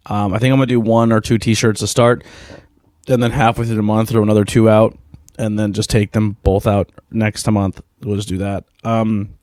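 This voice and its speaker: A man's voice: fairly low pitch, a little mellow, dry recording, studio quality. A man in his thirties hosting a podcast, rambling casually with lots of fillers and swearing. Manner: rambling, profane, laid-back, lots of fillers. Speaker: podcast host. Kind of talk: casual solo podcast chat.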